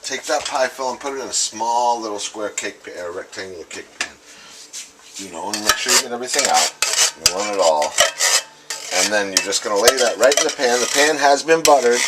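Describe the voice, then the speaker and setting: A man chatting casually to viewers as he demonstrates a home recipe, talking as he works. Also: medium pitch. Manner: chatty, talks to viewers as "guys" while working, with frequent restarts. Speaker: home cooking host. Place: home kitchen. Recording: noisy kitchen clatter. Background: clattering dishes, cutlery and stirring.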